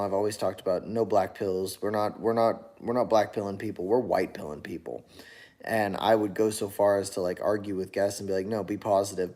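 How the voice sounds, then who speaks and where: Tired man, low voice, rambling monologue. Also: a little mellow. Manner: rambling, with many fillers and restarts. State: tired after a long workday. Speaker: channel host. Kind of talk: casual political monologue.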